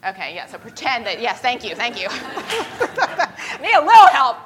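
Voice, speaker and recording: A woman's voice: fairly high pitch, huge pitch swings, a little slow. A woman preacher leading a skit with volunteers, talking in a chatty, self-deprecating storytelling way. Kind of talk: casual storytelling sermon.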